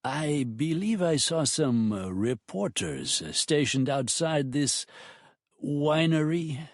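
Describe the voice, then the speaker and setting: A man's voice: on the high side, animated, slow, no echo, clean studio sound, voice pushed up. A man voicing a smug, whiny foreign ex-husband with a reedy voice in an audiobook. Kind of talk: audiobook character voice.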